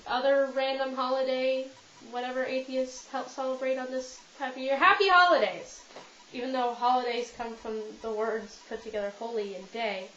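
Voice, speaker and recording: A woman's voice: a little high, slight background noise. A young Canadian woman chatting casually to camera in a rambling, self-deprecating way, with many ums and restarts, at home. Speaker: vlogger. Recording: roomy, slightly muffled home video.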